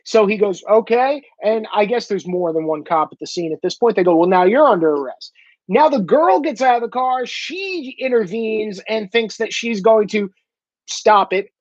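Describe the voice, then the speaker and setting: A man in his thirties rants into the camera, swearing freely and at times bursting into shouts. His voice is husky and breathy at an ordinary pitch. The sound is dry and a little dull. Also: normal speed, dry recording. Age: 30s. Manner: animated, profane, bursts into shouting. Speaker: commentator. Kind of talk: profane opinion rant.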